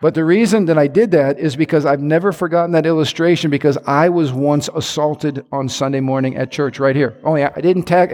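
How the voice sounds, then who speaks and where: Pastor guy preaching, kinda high voice, animated storytelling, big echoey church hall. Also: brisk, hardly any pauses. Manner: animated storytelling with acted-out quotes. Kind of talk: sermon. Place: church sanctuary.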